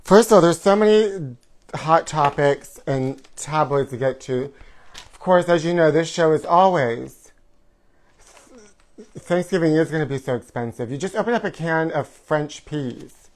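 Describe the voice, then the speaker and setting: A man's voice: on the high side, measured pace. A man hosting a live show, talking in a theatrical, gossipy way and jumping from topic to topic. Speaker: host of a live trash-talk show. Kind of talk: campy live-stream monologue. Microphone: forgot to put on his microphone.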